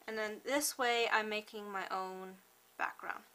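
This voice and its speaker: A woman hosting a card-making tutorial, talking through each step in a chatty, unhurried way with small fillers and self-corrections. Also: mid-range voice, fairly even intonation, bright, forceful tone, a little hiss or hum, rough recording. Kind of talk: step-by-step craft tutorial narration.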